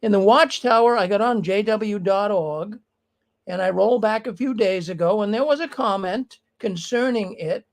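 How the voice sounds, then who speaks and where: Gravelly-voiced man hosting a live news show. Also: high voice, normal speed, poor audio. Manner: emphatic, talks straight to the viewers. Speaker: livestream news show host. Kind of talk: casual live commentary on news.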